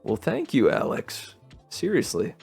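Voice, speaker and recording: A man's voice: medium pitch, huge pitch swings, measured pace, gravelly, a little mellow, husky, soft background music. A man hosting a podcast, reading a short story aloud and chatting casually between passages. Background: faint futuristic city ambience.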